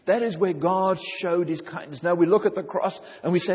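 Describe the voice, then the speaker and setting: A man's voice: high voice, moderate pace, few pauses, a little mellow, in a large hall. A male pastor preaching a sermon, earnest and emphatic, repeating key phrases for weight.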